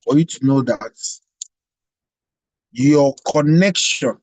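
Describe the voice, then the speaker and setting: The global president of an organization delivers a motivational address in a preachy, repetitive way, leaning on emphasis and rhetorical questions. His voice is medium in pitch, slow and somewhat dark. The close, dry recording has no room sound and is low in quality.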